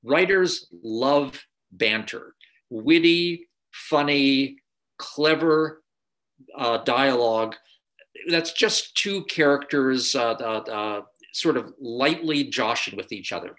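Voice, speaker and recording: Bright-voiced man giving an anecdotal lecture. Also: medium pitch. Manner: conversational, frequent filler sounds and restarts. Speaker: screenwriter giving a masterclass lecture.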